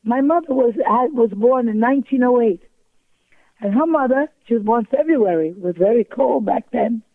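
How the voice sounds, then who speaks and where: A woman's voice: fairly high pitch, creaky, no echo. An older woman calling in as a guest, telling stories with emphatic repetition. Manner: emphatic, repetitive, acts out quoted voices. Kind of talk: storytelling in a talk-show interview. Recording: tinny phone line.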